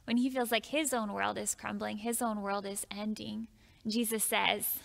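A woman preaching a sermon in a church, reading scripture slowly and earnestly and then talking it through with the congregation. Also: mid-range voice, little pitch movement, creaky. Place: church sanctuary. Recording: long hall reverb.

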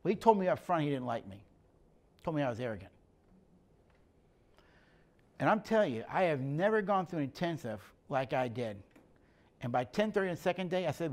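A man's voice: a little high, sing-song, a little fast, long pauses. A middle-aged man giving a conversational teaching talk, telling stories and acting out the dialogue in plain, direct speech. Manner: plainspoken storyteller, acts out dialogue. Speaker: speaker on emotional health and leadership.

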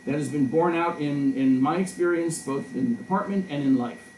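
Mellow-voiced male professor in a roomy echo. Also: a little high, moderate pace, recorded from a distance, a little hiss or hum. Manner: discursive, storytelling, frequent restarts. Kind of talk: conversational lecture. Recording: roomy echo, voice a bit off-mic.

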